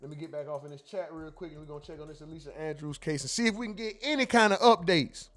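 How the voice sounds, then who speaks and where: A man's voice: on the high side, fast talker, fairly bright tone, faint music behind. A man hosting a casual livestream who reads chat comments aloud, jokes, curses freely, and slips into mimicry. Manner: profane, joking, mimics others. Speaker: livestream host.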